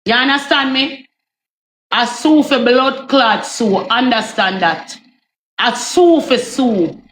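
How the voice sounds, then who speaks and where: Jamaican woman ranting her story, higher voice, keeps asking do you understand, roomy echo. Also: animated, slow pace, a bit bright, slight background noise. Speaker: person telling her own story. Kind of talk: heated casual storytelling.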